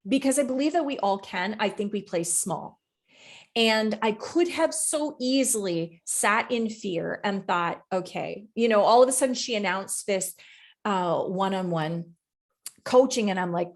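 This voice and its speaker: A woman's voice: medium pitch, expressive, measured pace. A woman co-hosting a podcast and coaching, chatting casually and candidly, swearing freely as she tells stories with animation.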